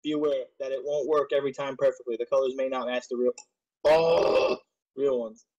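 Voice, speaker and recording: Hiccuping man, husky voice. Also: mid-range voice, fairly even intonation, fairly quick, darkish tone, lo-fi sound. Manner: rambling, swears often, browses aloud. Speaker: server admin streaming gameplay. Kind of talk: casual gaming chat.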